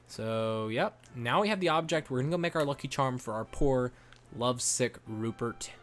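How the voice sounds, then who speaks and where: A man streaming a game, talking in a relaxed, chatty commentary style to his viewers, with faint game music behind. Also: mid-range voice, moderate pace.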